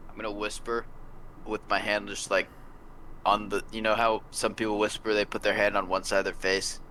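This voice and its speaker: A chatty, joking man playing a tabletop game with friends. His voice is lowish and bright, with faint background noise. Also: little pitch movement, moderate pace. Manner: joking, talkative. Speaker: player. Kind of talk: casual tabletop play.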